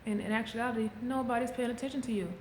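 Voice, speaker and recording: In an echoey room with faint ambient sound and slight background noise, a middle-aged vlogger speaks quickly in a somewhat high, darkish voice with fairly even intonation. Holding the camera herself, she candidly coaches viewers with casual motivation.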